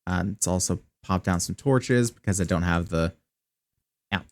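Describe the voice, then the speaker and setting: In a low voice at normal speed, a streamer offers wry, casual commentary on live gameplay, cursing whenever something annoys him. His close desk mic is routed through a voice changer app.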